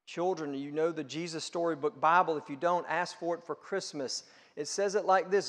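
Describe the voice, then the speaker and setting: A middle-aged male pastor preaching a sermon, emphatic and swinging between hushed and loud delivery. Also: on the high side, moderate pace, few pauses, long reverb tail.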